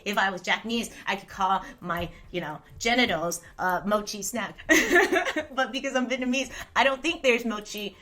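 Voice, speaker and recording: A bright, fairly high-voiced woman in her thirties hosts a casual live stream. She reads chat aloud, rambles, mocks herself, and giggles often. She is from California. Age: 30s. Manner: giggly, rambling, self-mocking, laughs often.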